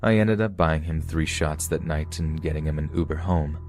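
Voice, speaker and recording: Deep-voiced man reading a creepy story. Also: fairly even intonation, moderate pace, a little mellow, a little hiss or hum. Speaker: story narrator.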